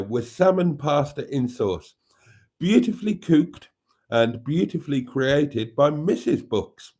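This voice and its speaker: Relaxed male host for casual live-stream chat. Slow, easygoing pace, rambles happily between viewer comments. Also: mid-range voice. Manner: chatty, rambling, reads viewer comments aloud.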